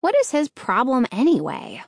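A woman gives voice to a curious, outspoken young girl in a storybook. She speaks plainly and with some exasperation, pitched a little high. The sound is dry and close. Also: very animated, normal speed, gravelly, dry recording, heavily acted. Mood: annoyed. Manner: direct, exasperated.

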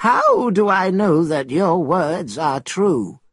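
A man's voice: sits high, sing-song, slow, a bit bright, breathy edge, no room sound, clean studio sound, pitched above the performer's own voice, exaggerated voice. A man voicing a wary old village man in a storybook reading, with a raised, thin old-man voice. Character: fussy old male villager, wary host.

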